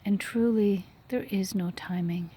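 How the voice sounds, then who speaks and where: A woman's voice: mid-range voice, a little slow, husky. A woman rambling reflectively in a vlog while walking outdoors by a lake, talking into her phone and often dropping to a whisper. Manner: reflective, soft-spoken, drops to whispers. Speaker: vlogger. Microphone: phone held while walking.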